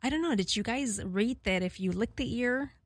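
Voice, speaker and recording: A woman's voice: a little high, normal speed, dry recording, clean studio sound. A woman in her forties hosting a radio talk show, chatting candidly and rambling with many fillers and frequent laughter. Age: 40s. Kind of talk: casual chat to listeners.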